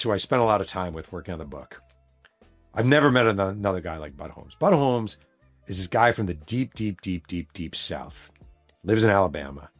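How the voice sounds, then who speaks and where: A man's voice: lowish voice, no echo. A man hosting a podcast, telling a story in a casual, emphatic way with plenty of swearing. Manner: emphatic, profane, animated storyteller. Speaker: podcast host and author.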